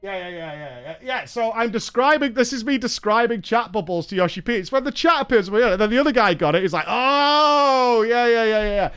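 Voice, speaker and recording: A man hosting a casual stream chat, telling an animated story with laughs and casual swearing. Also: sits high, quick pace, few pauses, clean tone, soft background music. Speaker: streamer host.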